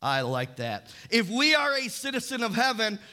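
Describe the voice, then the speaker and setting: High, bright-voiced man preaching a sermon. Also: very animated. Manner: call-and-response preaching, reading scripture slowly. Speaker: pastor.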